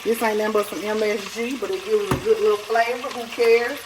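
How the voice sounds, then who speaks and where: A woman's voice: medium pitch, fairly even intonation, brisk, noisy background. A woman, chatting folksy and direct to viewers as she cooks at home. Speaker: home cook. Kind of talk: casual cooking tutorial. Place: home kitchen. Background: faint sizzling pan.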